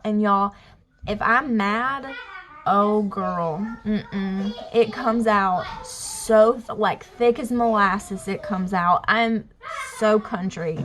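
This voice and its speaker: A woman's voice: medium pitch, a bit bright, slight background noise. A young woman from the US South with a Southern drawl, chatting casually to camera at home in a rambling way, full of fillers and "y'all". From Alabama, US South. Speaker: family vlogger. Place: family home.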